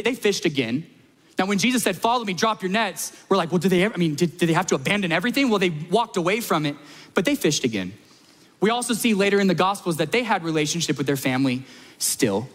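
High-voiced man preaching in a reverberant hall. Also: lively intonation, brisk, fairly bright tone. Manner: emphatic preaching with repetition and rising peaks. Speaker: pastor. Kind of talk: sermon. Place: church service.

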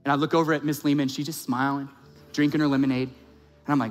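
A man's voice: mid-range voice, flat delivery, fast. A male pastor preaching a sermon, telling a personal story with repeated phrases and growing emphatic as he preaches. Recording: reverberant hall with music behind.

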